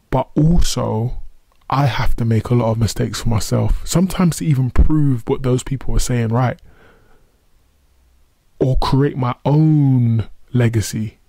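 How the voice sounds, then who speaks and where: Mellow-voiced man hosting a motivational podcast. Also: mid-range voice, vocal fry, dry recording. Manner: earnest, conversational, self-deprecating asides. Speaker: podcast host. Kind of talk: solo motivational podcast monologue.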